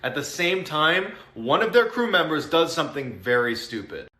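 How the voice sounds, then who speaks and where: A man's voice: a little high, lively intonation, normal speed, very noisy. A man giving a dramatic, suspenseful scripted narration of a survival story. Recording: echoey room.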